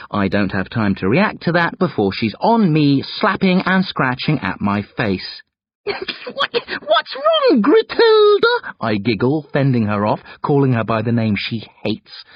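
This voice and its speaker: A man narrating an audiobook in the first person with a highly expressive, swooping delivery. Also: slightly rough, muffled recording.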